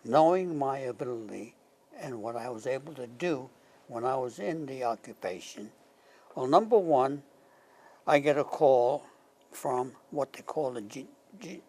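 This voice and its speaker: A man in his nineties tells long stories in an interview, his voice husky and unhurried. He speaks slowly, restarts his sentences, and sometimes drops his voice low as he reminisces. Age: 90s. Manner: slow anecdotal storytelling, dropping to a hush at key moments. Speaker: war veteran interviewee.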